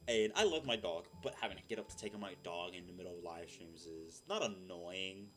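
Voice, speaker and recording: Young guy streamer just rambling, deep low voice, lots of likes and ums. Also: brisk, fairly bright tone. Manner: rambling, filler-heavy, deep voice. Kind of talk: casual chat. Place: home room. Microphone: desk mic.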